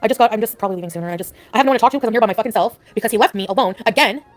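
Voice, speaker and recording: A woman's voice: fairly high pitch, rapid-fire. A woman talking in a casual live chat, upset and rambling with lots of "like"s. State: distressed. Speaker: livestreamer.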